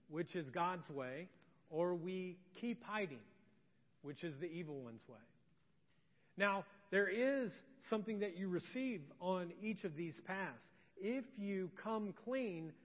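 High-voiced man preaching in a church hall. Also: highs cut off. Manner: storytelling, shifting from loud to soft and intimate. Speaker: pastor. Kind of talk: sermon. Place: church sanctuary.

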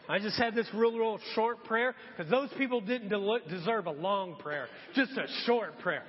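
A middle-aged male pastor preaching a sermon, telling a funny personal story with lively energy, then dropping to quiet, earnest appeals. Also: very high voice, brisk, few pauses. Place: church sanctuary. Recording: muffled echoey church hall.

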